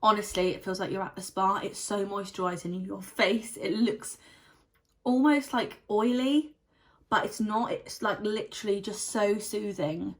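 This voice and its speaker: Young woman, beauty vlogger, casual rambling review, mid-pitched, chatty. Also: steady tone, normal speed. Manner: chatty and rambling, many "like" fillers.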